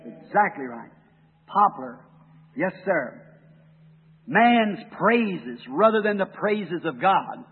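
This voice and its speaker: A man's voice: high voice, big pitch swings, takes it slowly, pauses often, slightly rough. A man preaching a fervent sermon that rises to emphatic peaks. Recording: tinny old tape in a reverberant hall.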